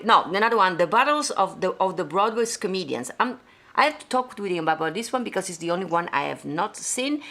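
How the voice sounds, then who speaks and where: A woman from Italy with an Italian accent, hosting a live-streamed show from her home, bubbly and halting with many restarts. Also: lowish voice, creaky, a bit bright. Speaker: host.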